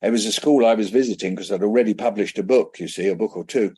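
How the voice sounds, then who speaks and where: A man in his seventies from England, a children's poet guest telling lively anecdotes in an interview and acting out the voices in them. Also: on the low side, quick pace, husky. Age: 70s. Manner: lively anecdotal storyteller who acts out voices. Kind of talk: conversational storytelling interview.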